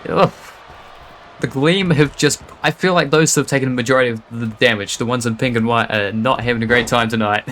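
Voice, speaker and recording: A man calling a wrestling match live, excitable and quick to laugh and exclaim. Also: medium pitch, slight background noise. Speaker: wrestling commentator. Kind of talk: live play-by-play commentary.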